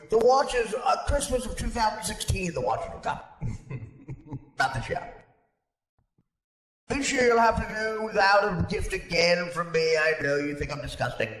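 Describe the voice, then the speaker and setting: Man playing a prim society aunt, old, gossipy, sing-song high, roomy echo. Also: a bit bright. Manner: prim, gossipy, giggling at her own remarks. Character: snobbish wealthy older aunt, bigoted and fussy. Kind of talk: improvised comedy sketch.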